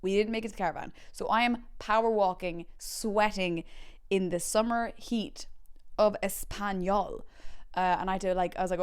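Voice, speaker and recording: A woman's voice: moderate pace, clean tone. Chatty young Irish woman telling funny stories. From Ireland. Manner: chatty, animated, acts out quotes with big pitch jumps. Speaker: podcast host. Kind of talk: comic storytelling.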